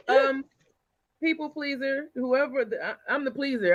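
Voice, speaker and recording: A woman's voice: high-pitched, takes it slowly, dull audio. A woman in casual podcast talk, easygoing and chatty, laughing between phrases. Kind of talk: casual chat.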